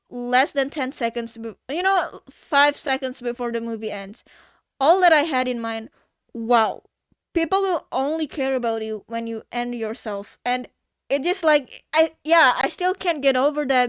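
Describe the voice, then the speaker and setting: Bright-voiced young woman, rambling heartfelt. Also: high voice, measured pace, clear, resonant tone, no room sound, studio quality. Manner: rambling and heartfelt, full of "like" and "you know"; swears and laughs while talking. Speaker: movie reaction vlogger. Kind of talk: casual movie commentary.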